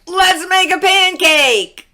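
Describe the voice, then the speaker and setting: A woman voicing an eager young boy in a children's storybook, shouting excitedly. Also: very high-pitched, slow, pitched above the performer's own voice, exaggerated voice.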